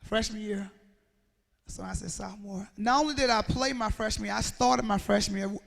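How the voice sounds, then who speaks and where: Woman with a gravelly voice, speaking in an echoey hall. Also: mid-range voice, normal speed. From Mississippi, USA. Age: 40s. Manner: storytelling, acts out dialogue, quizzes the audience. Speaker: motivational speaker. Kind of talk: motivational speech to students. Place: school assembly hall.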